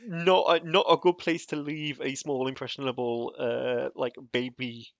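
A man's voice: mid-range voice, little pitch movement, measured pace, creaky, a bit bright, no echo, muffled recording. A man co-hosting a podcast in casual chat, rambling with lots of fillers and restarts and laughing often. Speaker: podcast co-host.

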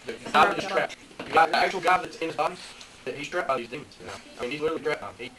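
A man's voice: fairly high pitch, very fast. A man in a church Bible study group, animatedly retelling a story and acting out its voices. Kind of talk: casual group chat. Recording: noisy room with crowd. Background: crowd chatter.

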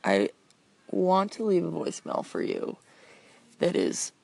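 A woman's voice: lowish voice, big pitch swings, a little slow, gravelly, darkish tone, dry recording. A young woman hosting a show, rambling through a comic voicemail in a chatty, self-deprecating way. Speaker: podcast host.

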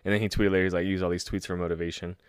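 A man with a deep, low voice runs through game results in a loose, excitable way. He swears freely and laughs at his own stories. The sound is dry and close, with no room around it. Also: racing, clean tone, no room sound. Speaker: sports podcast host. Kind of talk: casual solo sports talk.

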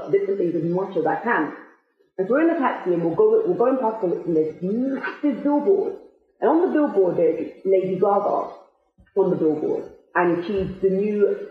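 A woman giving a motivational talk to her listeners, emphatic and full of rhetorical questions. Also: medium pitch. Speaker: motivational speaker. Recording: very echoey, tinny phone-like sound.

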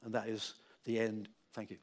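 A man's voice: on the low side, completely flat delivery, normal speed. Wry man lecturing on his book. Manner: wry, anecdotal, with a lot of emphasis. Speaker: author giving a public talk. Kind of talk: lecture with audience Q&A. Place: lecture hall.

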